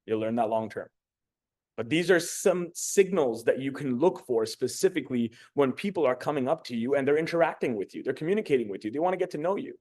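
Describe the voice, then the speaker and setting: With a mid-range voice and brisk delivery, a young adult man coaches on communication in a casual, motivating talk. Expect free swearing and lively storytelling in which he acts out what people said.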